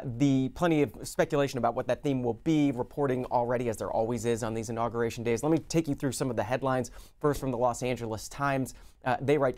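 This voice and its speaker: A male news host reads through a run of headlines for viewers, steady and informative. His voice sits in an ordinary middle range, and he moves briskly from one item to the next. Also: medium pitch. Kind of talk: reading headlines on live TV.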